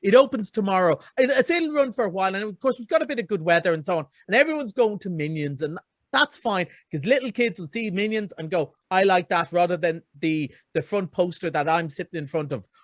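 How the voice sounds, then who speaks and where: High-voiced chatty man. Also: expressive, fairly quick, no room sound, clean studio sound. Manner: enthusiastic, chatty, rambling. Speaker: film reviewer. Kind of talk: casual radio chat.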